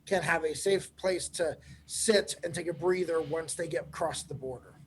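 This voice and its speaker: A man co-hosting a casual recap chat as a player, explaining things in a relaxed way with some fillers. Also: a little high, moderate pace, a little hiss or hum, low-quality recording. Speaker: podcast co-host and player.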